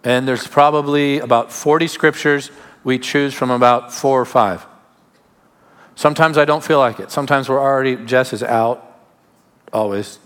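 A man preaching a sermon as pastor, emphatic, with sudden drops to quiet asides. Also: mid-range voice, normal speed, clear, resonant tone. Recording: long hall reverb.

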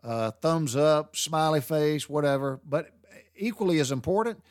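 A man's voice: on the high side, a little slow, dry recording, clean studio sound. A man in his fifties with a Southern American accent, hosting a podcast and telling rambling, folksy stories. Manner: rambling, drawling, swears casually. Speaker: podcast host. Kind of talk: folksy storytelling monologue.

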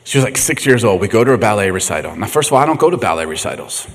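Man preaching in a big echoey hall, animated storyteller, laughs a lot, middle-aged. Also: lowish voice, rapid-fire. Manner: animated, laughing, acts out quotes. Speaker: pastor. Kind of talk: humorous sermon storytelling.

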